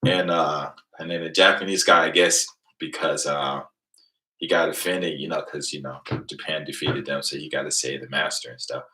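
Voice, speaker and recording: A middle-aged man from Venice, California, telling a profane, boastful story on a livestream, swinging between low mutters and loud outbursts. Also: fairly even intonation, moderate pace, rough recording. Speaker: livestream host. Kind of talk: casual storytelling.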